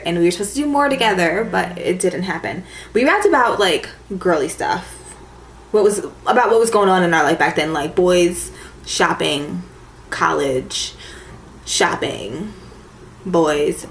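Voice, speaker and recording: This beauty vlogger is a young woman speaking at medium pitch, chatting to the camera in a valley-girl lilt and saying "like" a lot. There's a little hiss or hum, and the room sounds echoey with faint ambience.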